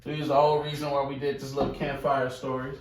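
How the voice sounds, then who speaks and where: A man hosting a podcast, who introduces the guest and cuts in with quick questions. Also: medium pitch, over a noisy crowd. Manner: lively, laid back, interjecting. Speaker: podcast host. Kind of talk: casual chat. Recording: echoey room, mic far off, noisy.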